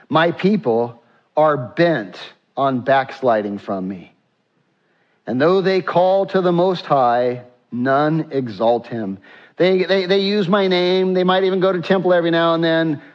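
Guy preaching a sermon, slow dramatic reading, kinda dull lo-fi sound. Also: fairly high pitch, animated. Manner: reads scripture slowly, rising then dropping to a hush. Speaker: pastor.

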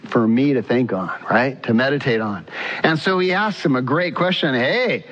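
A man's voice: medium pitch, lively intonation, moderate pace, fairly bright tone. A male pastor preaching a sermon in an earnest style, putting questions to the congregation. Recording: muffled sound with long church reverb.

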